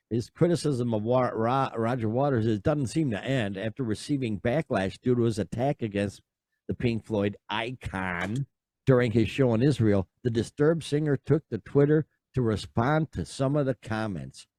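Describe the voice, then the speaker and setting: A male podcast host rambles in casual chat, sounding exasperated and using lots of fillers and sighs. His voice is mid-range and a little mellow at a moderate pace, recorded in studio quality with no room sound.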